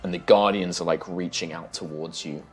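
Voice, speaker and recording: A man's voice: sits low, steady tone, normal speed, faint music behind. A man narrating a fantasy tabletop game as dungeon master, describing scenes vividly with some fillers.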